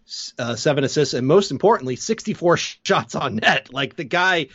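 Male podcast co-host, a bit high, rambling and jokey, dull dry recording. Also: animated, moderate pace, a bit bright, no echo. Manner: joking, rambling, loose. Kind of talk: casual sports chat.

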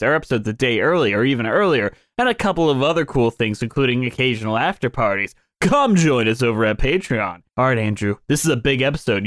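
A man's voice: medium pitch, dry recording, clean studio sound. A young man hosting a comedic podcast, joking around and reading a summary aloud in a playful way. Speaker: podcast host. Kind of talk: casual comedic podcast chat.

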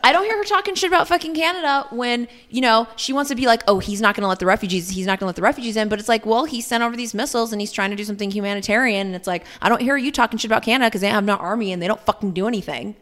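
A woman's voice: a little high, racing, few pauses, fairly bright tone. A woman co-hosting a podcast, ranting casually about politics with sarcasm and a lot of swearing. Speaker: podcast co-host.

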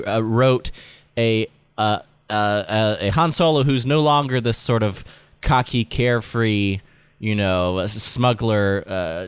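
A man's voice: lowish voice, smooth, dry recording. A man hosting a podcast, chatting casually and rambling with frequent restarts. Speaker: podcast host. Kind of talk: casual chat.

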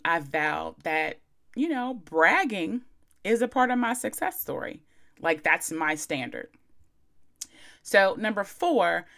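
Young woman doing her self-help podcast, real low voice with some fry, chatty and slangy. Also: a bit bright.

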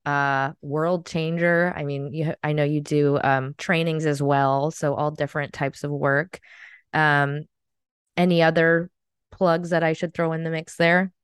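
A woman's voice: low voice, fairly bright tone, clean tone, no echo, studio quality. A woman hosting a casual interview podcast, effusive and giggly, with many fillers. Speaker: podcast host.

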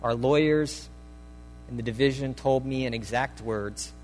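A man's voice: medium pitch, measured pace, soft background music. Man preaching in a reverberant hall. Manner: earnest, dramatic reading that swells and hushes. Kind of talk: sermon, reading a testimony aloud in first person. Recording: reverberant hall with faint hum.

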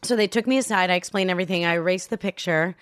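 A woman's voice: lowish voice, racing, no echo, clean studio sound. A woman guest telling a story in a casual interview, acting out voices and swearing freely. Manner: animated, acts out quoted voices, swears freely.

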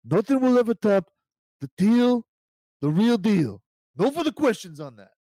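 A man putting on a brash, gravelly pro wrestler persona as a guest, trash-talking with punchy declarations. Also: sits high, sing-song, moderate pace, dark tone, no room sound. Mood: scornful. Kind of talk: fan pep talk in wrestling persona.

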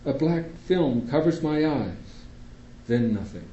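A man's voice: on the high side, animated, measured pace, warm tone, a little hiss or hum. Man reading a story in an echoey hall. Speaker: reader at a public reading. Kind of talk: reading a first-person story aloud. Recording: echoey room, dull lo-fi sound.

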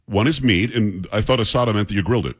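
A man's voice: fairly low pitch, fast talker, no echo. A man hosting a talk radio show, brash and teasing in casual studio banter. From New York.

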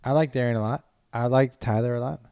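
A man's voice: medium pitch, steady tone, quick pace, warm tone, clean tone, dry recording, studio quality. Blunt, teasing man in casual chat. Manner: blunt, teasing, laughs while telling stories.

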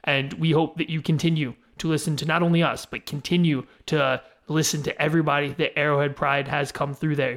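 A man co-hosting a podcast, earnestly thanking listeners in long run-on sentences. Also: a little high. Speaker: podcast co-host.

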